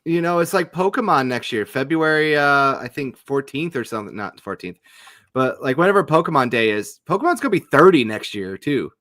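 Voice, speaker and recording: A man's voice: mid-range voice, sing-song, brisk, fairly bright tone, no echo. Guy cohosting a gaming podcast, rambly, lots of likes, dry sound. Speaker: podcast co-host. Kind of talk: casual chat watching a documentary.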